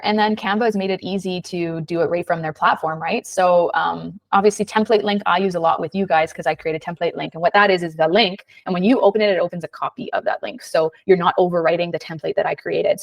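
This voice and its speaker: A woman's voice: fairly low pitch, dry recording, recorded from a distance. A woman hosting a live screen-share tutorial, chatty and casual, with lots of fillers and "right?" tags. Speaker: webinar host, design instructor.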